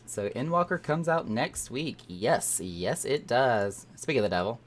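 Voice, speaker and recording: A game streamer chatting casually with live viewers, animated and quick to laugh, who trails off and repeats words while searching for them. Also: mid-range voice. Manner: animated, excitable, laughs often.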